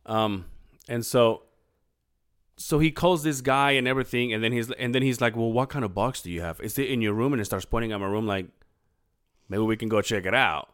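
A middle-aged podcast co-host, clearing his throat and sounding like it's morning, speaks briskly at medium pitch with a clear, resonant tone. He's telling a story in casual chat, acting out quotes animatedly and swearing plenty.

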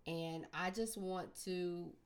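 Earnest woman podcast host. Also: lowish voice. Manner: earnest, measured, wraps up episodes. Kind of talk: casual podcast chat.

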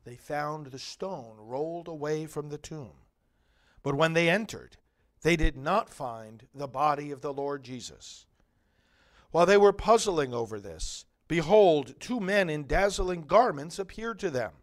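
A male priest giving liturgical readings and a homily in a measured, solemn way with long pauses. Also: fairly high pitch, expressive.

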